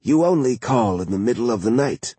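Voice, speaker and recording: Audiobook: male narrator as a brisk woman journalist, slightly lifted pitch, low-key. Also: animated, darkish tone, husky, no room sound. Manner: brisk, sleepy at first then wide awake. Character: sharp female national security reporter.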